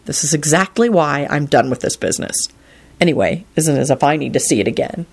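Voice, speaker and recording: A woman's voice: deep voice, expressive, fairly quick, creaky, breathy edge, full character voice. A woman voicing a weary, terse adult wizard in a read-aloud story. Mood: tense. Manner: resigned, terse.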